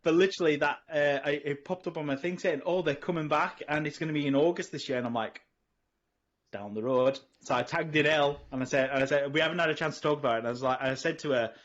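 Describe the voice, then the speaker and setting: A middle-aged man, co-hosting a casual podcast chat and rambling through animated stories with lots of restarts. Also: a little high, fast. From England. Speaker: podcast co-host. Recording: dull lo-fi audio.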